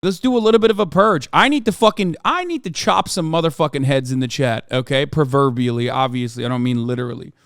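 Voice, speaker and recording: A man hosting a livestream, ranting at his chat in a profane, sarcastic, heated way, sometimes shouting. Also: fast talker, few pauses, clear, resonant tone, no echo, studio quality. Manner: shouts and raises pitch when ranting. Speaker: livestream host reacting to chat. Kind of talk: casual livestream rant.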